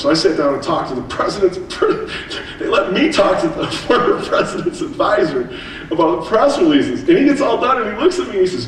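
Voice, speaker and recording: An American man giving a conference keynote, telling stories with quick asides and jokes. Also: on the high side. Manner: animated storytelling with quick asides. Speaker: keynote speaker, teacher. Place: large hall. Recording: echoey hall, distant mic, faint noise.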